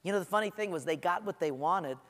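Animated high-voiced preacher in a hall. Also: male voice, quick pace. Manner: animated storytelling, acting out voices of people praying. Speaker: pastor. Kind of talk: sermon.

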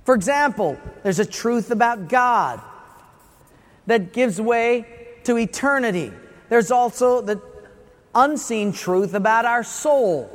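A man preaching a sermon in a church. He asks rhetorical questions and acts out little scenes in other voices. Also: sits high. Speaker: pastor. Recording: long reverb of a large hall.

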